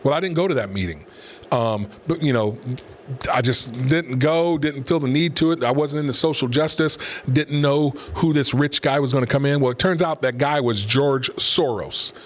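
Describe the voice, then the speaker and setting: A man's voice: medium pitch, normal speed. Middle-aged male host, casual opinionated commentary, rambling and mid-range. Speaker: host and pastor.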